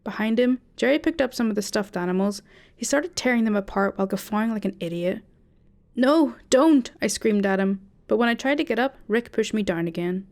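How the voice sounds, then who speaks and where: Woman, horror story narrator, first-person spooky storytime, steady dramatic reading, mid-pitched voice.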